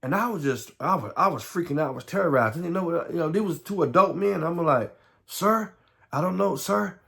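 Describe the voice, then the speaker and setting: A man from the Southern United States telling his own life story, halting and earnest, often repeating words and close to tears. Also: fairly high pitch, lively intonation, creaky, pushed and bright. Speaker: vlogger.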